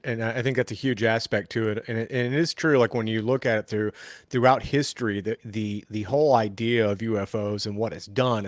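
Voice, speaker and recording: A man's voice: fairly low pitch, dry recording, clean studio sound. A man hosting a podcast interview, asking questions in a casual way with many fillers. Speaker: podcast host. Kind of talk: conversational interview.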